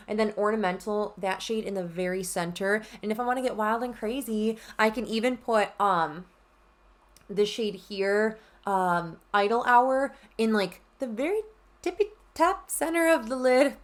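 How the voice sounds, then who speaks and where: A woman's voice: a little high, fairly bright tone. A young adult woman chatting casually in a makeup vlog, bubbly and gushing. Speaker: beauty vlogger.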